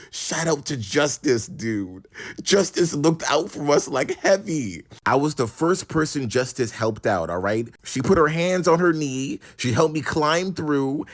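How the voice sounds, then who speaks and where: A young man telling a casual storytime in an animated, slangy way, swinging from loud and excited to hushed. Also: mid-range voice.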